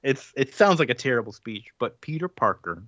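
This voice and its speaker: A man's voice: mid-range voice, very animated, fairly quick, a bit bright, no echo. Guy on a podcast rambling through a comic recap, laughing a lot, dry muffled sound. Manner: rambling, laughs while retelling. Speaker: podcast co-host. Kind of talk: casual chat recapping a comic.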